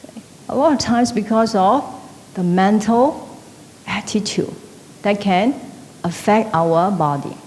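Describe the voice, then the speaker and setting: A woman's voice: unhurried, pauses often, a little mellow. Woman lecturing in an echoey hall. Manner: conversational, frequent tag questions like "okay?" and "right?". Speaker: teacher. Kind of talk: classroom lecture. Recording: echoey hall with faint rumble.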